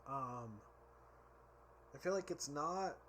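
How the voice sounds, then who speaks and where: A man's voice: a little high, animated, slow, a bit bright, a little hiss or hum. A tipsy man rambling and giggling as he reviews drinks in a casual vlog, stumbling over his words.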